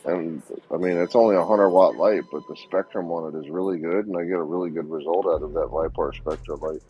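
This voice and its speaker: A man's voice: low-pitched, steady tone, brisk, slightly rough, dull audio, soft background music. A man in casual chat, explaining things in an earnest way.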